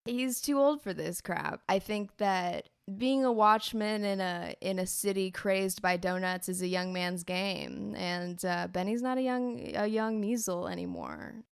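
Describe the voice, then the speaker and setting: Casting: woman, smooth but gravelly tone, casual guest, dry close mic. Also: mid-range voice, expressive, unhurried, few pauses, dry recording. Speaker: podcast guest and player. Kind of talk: casual chat.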